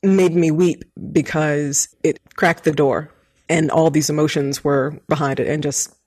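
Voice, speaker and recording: A middle-aged woman chatting casually as a co-host, telling a story with lively laughter. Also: sits low, unhurried, slightly rough. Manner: animated storyteller, laughs often.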